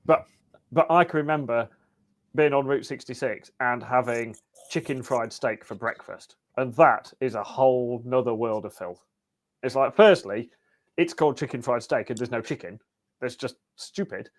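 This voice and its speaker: A man's voice: medium pitch, moderate pace. Wry man, easy chat. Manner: easygoing, wry and chatty with a dry humour. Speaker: podcast guest. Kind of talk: casual interview chat.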